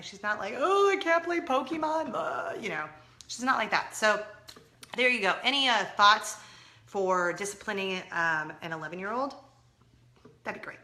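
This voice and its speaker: Woman, 30s, mom vlogger talking to camera, bright and forceful tone, chatty and dramatic. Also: medium pitch. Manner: chatty and expressive, swinging from loud to hushed. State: injured, in a leg cast. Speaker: parenting vlogger. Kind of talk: casual chat to camera.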